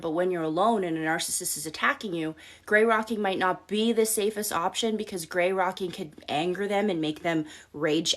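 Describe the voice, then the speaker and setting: A woman life coach hosting a live-stream advice talk, speaking bluntly with casual swearing and often checking in with "okay?". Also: lowish voice. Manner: blunt, profane, direct coaching tone; addresses listeners with frequent "okay?" check-ins.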